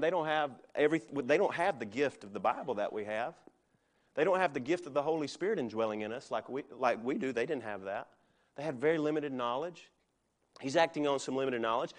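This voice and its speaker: A middle-aged male pastor preaching a sermon in a conversational way, with joking asides. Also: mid-range voice.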